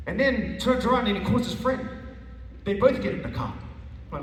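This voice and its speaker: A man's voice: high-pitched, a little fast, pauses often, slight background noise. A man giving an earnest personal testimony, often restarting and repeating phrases for emphasis. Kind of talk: emotional testimony storytelling. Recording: echoey hall from a distant mic.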